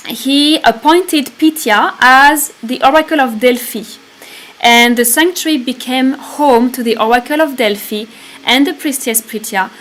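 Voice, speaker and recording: A woman's voice: fairly high pitch, fairly bright tone, poor audio. A woman with a French accent co-hosting a casual spiritual talk on a livestream, hesitant, repeating words and laughing easily. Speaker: retreat co-host.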